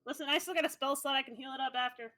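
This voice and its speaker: Animated woman playing a tabletop game. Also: high-pitched, rapid-fire. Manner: animated, laughing, describing her character's actions. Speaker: player. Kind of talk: tabletop game play on a live stream.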